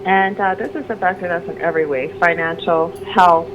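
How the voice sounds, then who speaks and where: Her voice lowish and her pace moderate, a middle-aged woman appears as a radio guest to tell a personal story. She rambles and keeps restarting sentences, turning animated when she quotes others, and the lo-fi audio has noticeable background noise.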